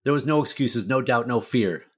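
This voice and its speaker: In a podcast interview, a middle-aged motivational speaker talks through his own hard experiences at a moderate pace in a medium-pitched voice. He comes across candid and emotional, with free swearing and frequent "like" fillers.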